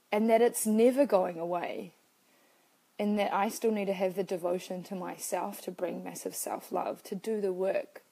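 A young woman talks openly to her live-stream viewers, greeting them by name as she goes. Her voice is soft and mellow, and her manner is heartfelt and unfiltered, with the odd swear word. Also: medium pitch. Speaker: live-stream host and personal-growth coach.

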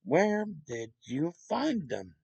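A man's voice: a little high, wildly swooping pitch, drawn-out words, vocal fry, a little mellow, slightly rough, no echo, pitched above the performer's own voice, exaggerated voice. A man voicing a courteous, distinguished male gardening judge in a storybook reading. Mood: gracious. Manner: courteous and gracious.

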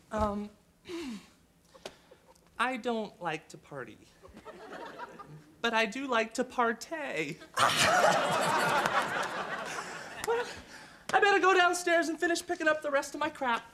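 A woman's voice: high-pitched, expressive, slow pace, long pauses, bright, forceful tone, a little hiss or hum, full character voice. A woman playing a dorky, over-eager college freshman guy. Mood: goofy. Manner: overly chipper, dorky, rambling. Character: goofy eager nerdy young male college freshman. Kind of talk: sketch comedy acting.

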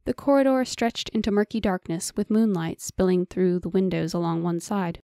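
A woman reading a fantasy audiobook as narrator in an even, measured storytelling manner. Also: fairly low pitch, gravelly, no echo, clean studio sound.

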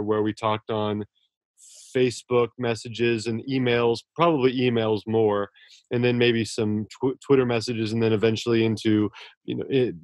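A man's voice: fairly low pitch, no room sound. A man speaking as a guest author in a casual podcast interview, earnest and effusive, often restarting his sentences.

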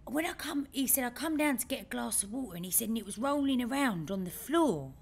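A woman co-hosting a podcast, telling a story in a lively way and acting out other people's lines. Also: a little high, fast, creaky, husky. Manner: animated storyteller, acts out her dad's lines. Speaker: podcast co-host. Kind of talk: casual chat, storytelling.

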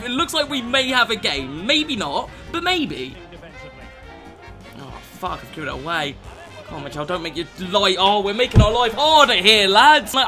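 A man giving lively, excitable gameplay commentary, swearing freely and calling his viewers lads. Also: high voice. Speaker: gaming YouTuber.

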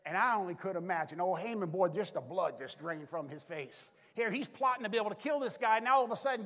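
Male preacher, high voice, storytelling sermon, voice ringing in a reverberant sanctuary. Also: fairly bright tone. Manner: storytelling preacher who acts out the characters' lines; repeats "all of a sudden" and "be able to". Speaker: pastor. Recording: long reverb from a large hall.

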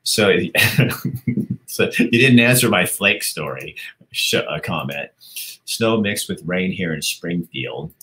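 A man's voice: sits low, expressive, takes it slowly, bright, forceful tone, poor audio. A man hosting a livestream, casually chatting and reading viewer comments aloud with a rambling, laughing manner. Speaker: livestream host.

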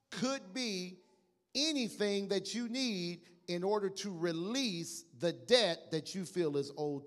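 A man preaching a passionate sermon as pastor, calling his congregation to repeat after him. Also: sits high. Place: church sanctuary. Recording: church hall reverb.

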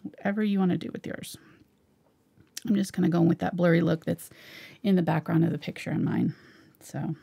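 A middle-aged woman leads a live painting tutorial, talking casually as she paints. Her voice is a little low, mellow, and strongly gravelly with vocal fry. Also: a little fast, long pauses. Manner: relaxed, chatty, talks while painting. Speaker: painting instructor.

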